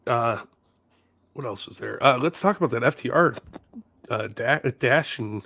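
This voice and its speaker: A man co-hosting a wrestling podcast in loose, casual chat. He laughs easily, drops casual swears and restarts his sentences as he goes. His mid-pitched voice is recorded close and dry. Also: unhurried, creaky, bright, forceful tone, no echo. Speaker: podcast co-host.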